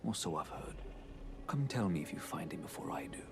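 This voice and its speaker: An actor playing a grim male hunter with a Welsh accent, low, terse and menacing, chasing a traitor. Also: lively intonation, brisk, vocal fry. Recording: game audio with music behind. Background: game music.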